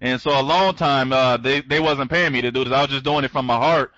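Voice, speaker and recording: A man giving a live online training talk as a program trainer. He rambles, restarts his sentences, greets listeners by name and speeds up when he gets excited. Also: medium pitch, a little fast, no echo, highs cut off.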